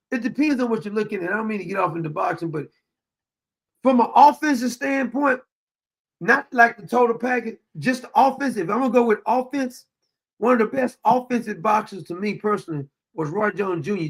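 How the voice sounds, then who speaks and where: Guy hosting his own show, raspy edge, kinda high voice, keeps hammering the same point. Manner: emphatic, repeats phrases, retells scenes with quoted lines. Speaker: host. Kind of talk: casual commentary monologue.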